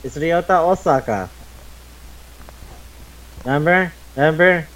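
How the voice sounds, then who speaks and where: Excitable young man chatting casually. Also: on the high side, unhurried, a little hiss or hum, rough recording. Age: 20s. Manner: excitable, swears freely. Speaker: podcast co-host. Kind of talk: casual chat about anime.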